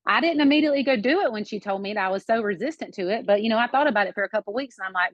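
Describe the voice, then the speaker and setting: On a group video call, a woman from South Georgia with a Southern accent shares her testimony while nursing a baby, warm-hearted, emotional and close to tears. Her medium-pitched voice races along with hardly any pauses, and the call audio is dull and lo-fi with no echo.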